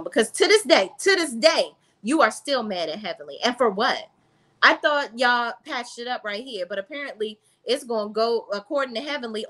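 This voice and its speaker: A woman's voice: mid-range voice, a bit bright. A woman reviewing a reality TV episode in a blunt, sassy, casual recap style, talking straight to her viewers.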